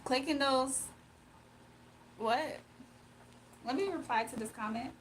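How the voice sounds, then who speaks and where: A young woman from Virginia hosting a casual livestream, reading comments aloud, emotional and quick to laugh. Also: high-pitched, a little hiss or hum. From Virginia, USA. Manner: emotional, giggly, talks to chat. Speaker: livestream host.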